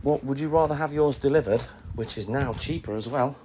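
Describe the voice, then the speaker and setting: A man's voice: mid-range voice, a little fast, noisy background. A middle-aged man on his milk round, chatting casually with live-stream viewers and greeting them by name. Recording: music playing loudly behind.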